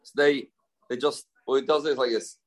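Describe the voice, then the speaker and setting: A man gives a Talmud class at a middle pitch. His voice swings up and down as he chants verses in a sing-song, then drops back to explaining. He keeps firing questions at his listeners and answering them himself. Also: steady tone, normal speed. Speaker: Talmud teacher. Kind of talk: Talmud lecture.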